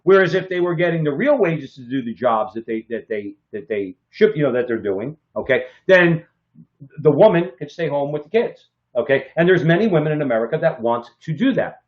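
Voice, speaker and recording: A man co-hosting a political talk show, his voice pitched a little high for a man. He talks emphatically and keeps adding a pushy "okay?" to drive points home. The sound is slightly dull and lo-fi. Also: animated, a little fast. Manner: emphatic, repeats "okay?" for stress. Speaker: co-host.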